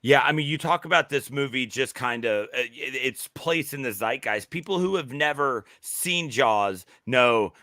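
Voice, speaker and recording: A man co-hosting a podcast, talking excitedly in casual chat with many restarts and halting phrases. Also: medium pitch, no room sound, clean studio sound. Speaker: podcast co-host.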